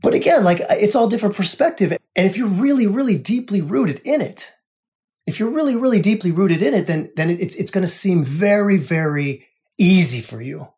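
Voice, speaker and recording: A man hosting a spiritual podcast, talking earnestly in a monologue, repeating phrases and often dropping to a soft hush. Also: high-pitched, lively intonation, moderate pace. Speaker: podcast host.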